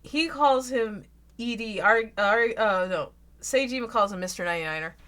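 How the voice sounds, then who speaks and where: A young woman with an American Southern accent, chatting loudly and casually with her stream audience, rambling and swearing freely. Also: moderate pace. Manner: loud, rambling, swears freely, bursts into shrill laughs. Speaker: VTuber streamer.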